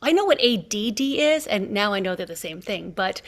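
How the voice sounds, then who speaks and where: A woman in her fifties hosts a podcast, her medium-pitched voice moving a little fast. She animatedly tells an anecdote in casual conversation, acting out the dialogue of the other people in the story.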